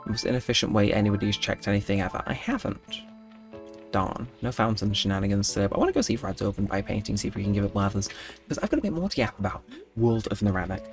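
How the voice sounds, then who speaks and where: A man's voice: fairly low pitch, lively intonation, quick pace, faint music behind. Rambling young man. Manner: rambling storyteller, mock-indignant outbursts. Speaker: gaming channel host. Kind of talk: late-night gameplay commentary.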